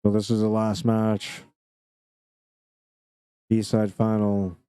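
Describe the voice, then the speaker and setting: A man with a Canadian accent giving relaxed, chatty live commentary on a pool match and greeting viewers by name. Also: on the low side, slow, clean tone, no echo.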